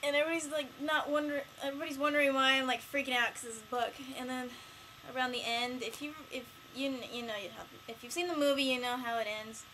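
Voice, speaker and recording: A teenage girl rambles excitably through a casual vlog, full of fillers and restarts. Her voice is bright and a little high. A faint hiss sits under the recording. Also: fast, poor audio. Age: late teens. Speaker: vlogger.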